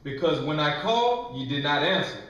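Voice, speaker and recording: A man reading scripture aloud in a loud, slow, measured voice. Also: fairly high pitch, sing-song. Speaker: scripture reader. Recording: echoey room, mic far off.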